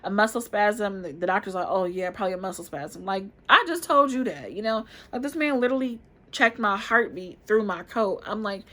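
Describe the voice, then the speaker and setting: A woman's voice: medium pitch, fairly quick, hardly any pauses. Chatty woman in her twenties vlogging. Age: 20s. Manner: chatty, expressive, addresses viewers as y'all. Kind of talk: casual storytelling to camera.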